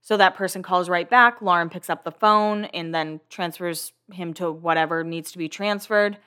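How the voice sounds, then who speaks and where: A woman's voice: on the low side, normal speed, sharp tone, clear, resonant tone. A woman hosting a casual recap podcast, chatty and filler-heavy, with the odd swear word. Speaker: podcast host.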